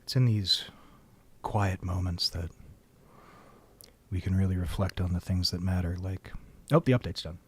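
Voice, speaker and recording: A man's voice: low voice, moderate pace, pauses often, slightly rough. A man streaming a game, rambling wryly to fill dead air into a studio microphone. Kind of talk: casual livestream chat. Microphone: studio mic.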